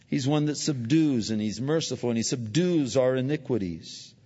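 A male pastor preaching a sermon, animated and acting out little voices from his stories. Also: medium pitch, normal speed. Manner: animated, acts out voices in anecdotes. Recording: dull lo-fi audio with long hall reverb.

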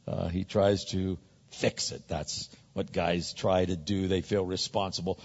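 A man's voice: low-pitched, fairly even intonation, a little slow, gravelly, a little mellow, breathy edge. A male pastor preaching a conversational sermon, often repeating words as he builds to a point. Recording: muffled sound with long hall reverb.

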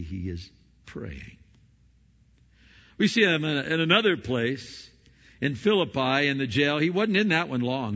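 A man preaching a sermon as pastor, swinging between loud emphatic peaks and quiet low asides. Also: slightly rough. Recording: dull, long-reverb hall sound.

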